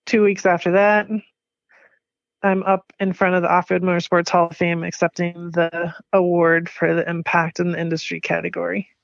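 A woman, a business owner being interviewed, telling her story in an animated way, laughing often and leaping up in pitch when she quotes herself. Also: moderate pace, vocal fry, no room sound, highs cut off.

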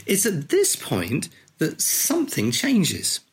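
A man hosting a podcast, teaching conversationally through a Bible passage in a thoughtful, unhurried way, explaining as he reads. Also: fairly high pitch, huge pitch swings, breathy edge. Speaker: podcast host leading a Bible reflection.

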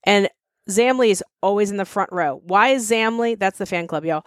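A chatty woman with a Mid-Atlantic American accent co-hosts a podcast, talking emphatically to her listeners. Her voice sits at an ordinary pitch and sounds dry and close, with no room around it. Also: moderate pace, dry recording. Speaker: podcast co-host. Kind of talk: casual podcast chat.

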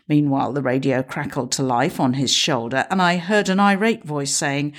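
A woman's voice: low voice, normal speed, hardly any pauses. A woman narrating a comic story in a dry, wry way.

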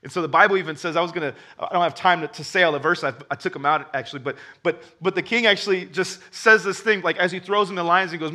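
A man preaching with a very bright, ringing voice set a little high. He tells the story with energy and acts out its characters. He often stumbles and repeats words as he starts a sentence. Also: fast talker. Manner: animated storytelling, acts out characters, laughs with the crowd; stammers when starting sentences. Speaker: pastor. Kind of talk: sermon.

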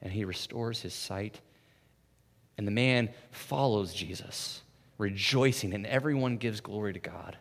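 A man preaching a sermon in a conversational way, often adding "right?" and swinging from hushed, soft passages to loud, intense ones. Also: lowish voice, measured pace. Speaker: pastor. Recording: long reverb of a large hall.

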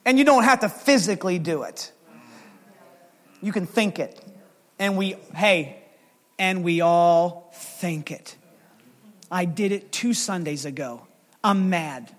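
A man preaching a sermon as lead pastor, animated and storytelling, with acted quotes. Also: high-pitched, long reverb tail.

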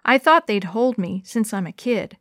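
A woman's voice: mid-range voice, expressive, normal speed, fairly bright tone, no room sound, studio quality, natural voice. A woman voicing an eager, impulsive young boy in a children's storybook reading.

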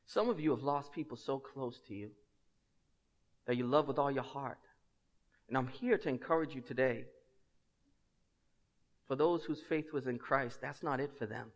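A man preaching a sermon as pastor, a lively storyteller who drops in humorous asides and swings between loud and hushed. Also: medium pitch, moderate pace, long pauses, in a large hall.

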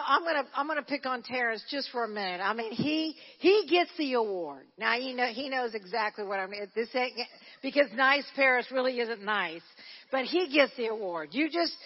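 A woman pastor preaching a sermon, telling a story with animated energy and shouting at its high points. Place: church hall. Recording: dull lo-fi recording in a church hall.

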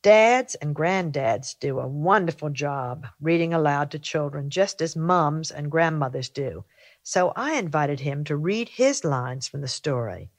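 A woman's voice: low-pitched, unhurried. Older woman reading a picture book aloud. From United States. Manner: gentle, warm storytelling, lively voice changes. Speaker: storytime host reader.

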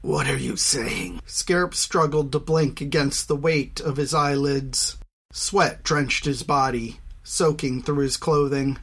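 An audiobook narrator reading a fantasy story in a measured, even storytelling voice. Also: mid-range voice. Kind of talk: scripted narration.

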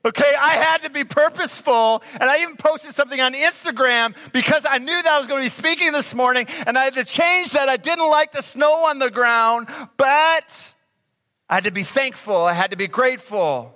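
A man preaching a sermon as pastor, animated and acting out grumbling voices. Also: extremely high pitch, normal speed. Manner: animated, acts out complaining voices. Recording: reverberant hall.

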